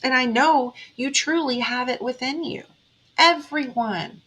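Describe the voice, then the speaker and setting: Woman, spiritual vlogger; bright, higher voice; earnest, emotional pep talk. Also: fairly even intonation, normal speed, poor audio. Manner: earnest, emotional, talks straight to viewers. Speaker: tarot reader and spiritual vlogger. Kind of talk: heartfelt motivational monologue.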